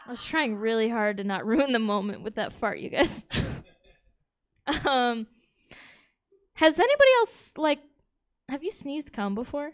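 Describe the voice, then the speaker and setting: On a comedy stage, a woman performs stand-up, speaking directly to the crowd in a high, very animated voice. She is candid and giggly, doing crowd work at a slow pace with long pauses.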